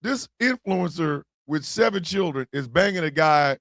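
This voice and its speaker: A man hosting a comedy show, ranting in a profane, animated way with yelled bursts. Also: fairly high pitch, moderate pace, no room sound, clean studio sound. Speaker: host. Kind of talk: comedic rant commentary.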